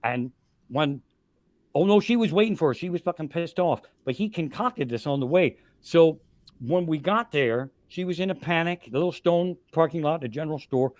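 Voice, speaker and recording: A man in his sixties spins profane comic stories on a live podcast, getting loud on the punchlines. His voice sits a bit high, and the recording is close and dry. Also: expressive, moderate pace, dry recording. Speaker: comedian guest telling stories. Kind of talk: casual storytelling on a live podcast.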